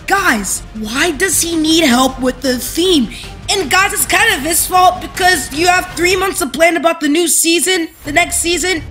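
A woman gaming YouTuber in an excited unboxing vlog, exclaiming and talking straight to her viewers. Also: high voice.

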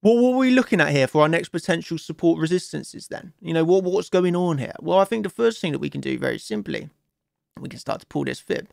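A man's voice: a little high, lively intonation, fast talker, gravelly, darkish tone, no echo, studio quality. A young man walking viewers through a crypto price chart, blunt and self-assured, often restarting his words. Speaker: crypto trading analyst. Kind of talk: live chart analysis monologue.

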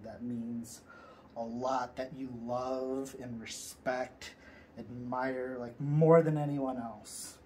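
A man's voice: medium pitch, steady tone, takes it slowly, dark tone, slight background noise, poor audio. A man talking casually as he leads a listener through an imagined scene, loose and rambling with lots of filler words. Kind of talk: guided visualization in casual chat.

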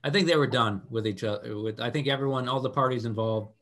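A man's voice: medium pitch, fast, fairly bright tone. Hedging male sports talk co-host. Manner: hedging, full of "I mean" and "I don't know". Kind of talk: casual sports debate. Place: small public-access TV studio.

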